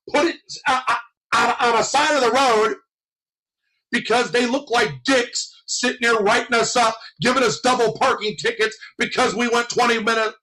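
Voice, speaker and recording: A fiery man preaches about police and rights, his voice pitched high for a man. He talks in a bright, forward tone, swears freely and lectures his listeners. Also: poor audio. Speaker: activist vlogger. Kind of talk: impassioned monologue.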